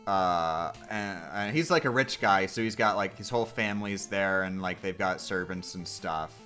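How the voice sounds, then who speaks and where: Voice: low voice, moderate pace, bright, forceful tone, soft background music. A streamer telling a silly story in a meandering way, with lots of restarts and laughing along. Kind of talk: rambling comic storytelling.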